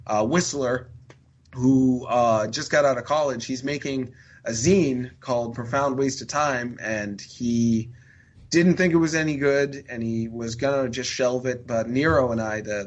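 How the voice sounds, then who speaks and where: A man's voice: medium pitch, lo-fi sound. A man talking as a podcast guest in a rambling, chatty way full of fillers and restarts. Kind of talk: casual podcast chat.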